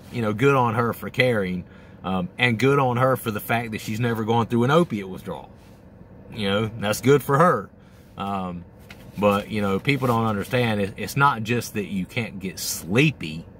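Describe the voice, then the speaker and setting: Middle-aged male host, lowish voice, candid and profane, casual monologue, light background hiss. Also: expressive, normal speed, fairly bright tone. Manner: candid, profane, acts out his own inner voice.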